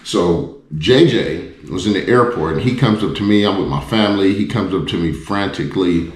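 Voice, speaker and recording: A man's voice: deep voice, normal speed, roomy sound. A man who vlogs about travel, telling a story bluntly and conversationally. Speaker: travel vlogger. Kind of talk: casual storytelling to camera.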